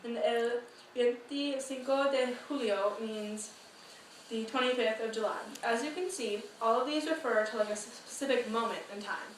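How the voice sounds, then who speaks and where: A woman's voice: fairly high pitch, moderate pace. Teen girl listing phrases and meanings, lots of echo, faint hum behind. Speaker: student presenter. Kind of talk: reading a grammar lesson. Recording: very echoey room, mic at a distance.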